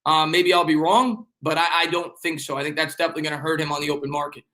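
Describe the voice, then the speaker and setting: A man's voice: fairly high pitch, fairly even intonation, bright, forceful tone. A young man with a New York accent hosting a sports live stream, reading viewer comments in a rambling, joking, repetitive way. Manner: fast, rambling, repeats himself, joking banter.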